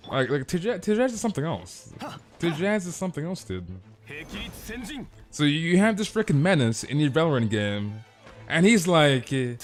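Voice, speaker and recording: A man's voice: on the high side, normal speed, faint music behind. A young man streaming a game, chatting casually with viewers, rambling and slangy as he tells stories. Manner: rambling, animated storytelling, slangy. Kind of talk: casual live-stream chat.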